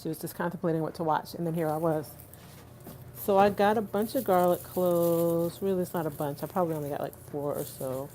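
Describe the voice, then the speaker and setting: On her livestream, a woman vlogger cooks in her home kitchen with rain outside, chatting casually, laughing often, and speaking straight to viewers. She has a low-ish, dark voice with fairly even intonation and a slightly fast pace. Her phone on the counter gives a rough recording with a little hiss or hum.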